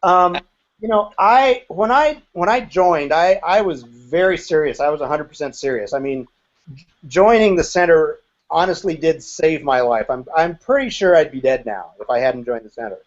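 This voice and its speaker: Frank, high-voiced man recalling his past. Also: lively intonation, moderate pace, dull audio. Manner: frank, candid, occasionally profane. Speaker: interview guest, former group member. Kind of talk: casual interview storytelling.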